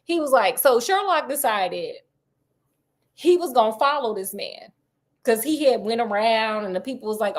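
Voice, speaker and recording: A woman's voice: on the high side, animated, moderate pace. A woman storyteller retelling a classic detective tale in a chatty, slangy way, talking straight to her listeners.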